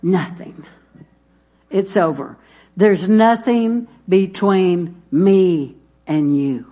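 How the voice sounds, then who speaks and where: A woman's voice: lowish voice, drawn-out words, warm tone. Woman preaching with emphatic repetition. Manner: emphatic, repeats phrases, talks straight to listeners. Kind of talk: sermon.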